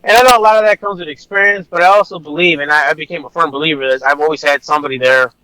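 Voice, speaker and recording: A man's voice: on the high side, fairly even intonation, very fast, bright, forceful tone, smooth, no room sound, rough recording. A man, an officer, telling a personal story in a casual, rambling way, blunt and swearing at times. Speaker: officer guest.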